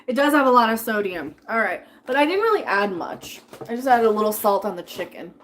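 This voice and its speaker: A woman's voice: on the high side, sing-song, fairly quick, fairly bright tone, slight background noise. Chatty woman streamer eating on stream. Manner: chatty and rambling, thanking viewers, talking with food in her mouth. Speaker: live streamer. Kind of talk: casual live-stream chat while eating.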